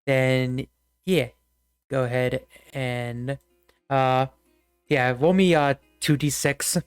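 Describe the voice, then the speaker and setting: A man's voice: medium pitch, fairly even intonation, slow, clean tone, no room sound, clean studio sound, faint music behind. A young man narrating a tabletop game as game master, rambling with many fillers.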